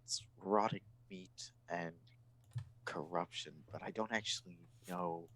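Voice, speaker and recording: A man's voice: deep voice, a little slow, a bit bright, a little hiss or hum. A man playing his character at a tabletop game, talking in a dry, sardonic way. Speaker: player.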